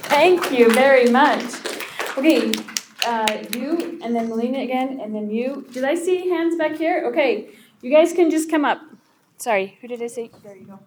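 High-voiced woman teacher, echoey classroom. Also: lively intonation. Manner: brisk and encouraging, quick praise. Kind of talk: running a class poetry reading. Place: classroom, indoors. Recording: echoey classroom, background noise.

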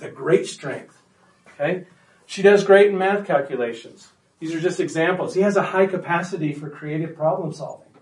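A man with a somewhat high, darkish voice leads a workshop talk for parents, speaking conversationally and with emphasis. He pauses often to make sure the room is keeping up. He's recorded from a distance, and the room gives his voice a noticeable echo.

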